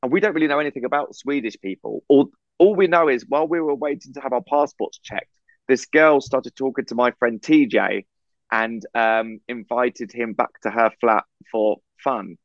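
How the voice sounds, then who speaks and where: A man from England, co-hosting a podcast, telling a story in a casual, animated way over a video call. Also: mid-range voice, normal speed, no room sound, dull audio. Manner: animated storyteller, acts out quoted voices. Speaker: podcast co-host.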